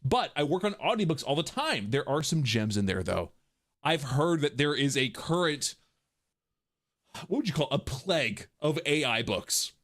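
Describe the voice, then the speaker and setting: Animated joking male streamer. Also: a little high, normal speed. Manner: animated, jokey, talks to chat. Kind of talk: casual livestream chat.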